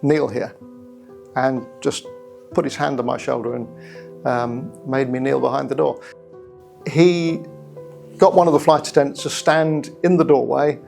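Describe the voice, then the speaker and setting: A middle-aged man with a British accent, telling his own story in a measured, reflective way with hesitant restarts. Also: medium pitch, fairly even intonation, creaky, darkish tone, faint music behind. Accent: British English. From England. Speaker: guest storyteller. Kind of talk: personal story told to camera.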